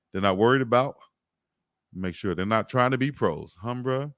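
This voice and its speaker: A man's voice: medium pitch, moderate pace, a bit bright, clean tone, dry recording. A man from Alabama, casually talking sports on a livestream and reading out comments in a laid-back, joking way. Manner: laid-back, joking, chuckles often, repeats himself. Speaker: sports talk host.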